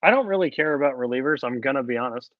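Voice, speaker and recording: A man co-hosting a casual talk show, animated and argumentative, getting loud when he presses a point. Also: mid-range voice, racing, narrow, tinny audio. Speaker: podcast co-host. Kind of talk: casual chat.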